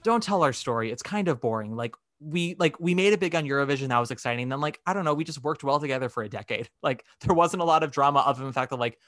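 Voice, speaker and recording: A man co-hosting a casual podcast, telling a story with lively acted-out quotes. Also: mid-range voice, fast, few pauses, no echo, clean studio sound. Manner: animated storytelling, acting out quotes. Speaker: podcast co-host.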